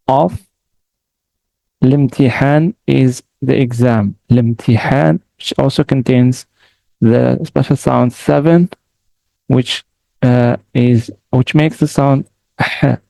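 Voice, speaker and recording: A man gives a patient language lesson, speaking slowly and repeating each word for the listener. His voice is mellow and gravelly with a rough edge. The recording is close and dry, with no room sound. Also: mid-range voice, dry recording, rough recording. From Morocco. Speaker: language teacher.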